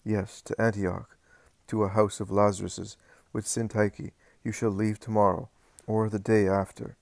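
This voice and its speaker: A man voicing a calm, tender male spiritual master with slow, solemn speech in a read-aloud story. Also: on the low side, vocal fry, no room sound.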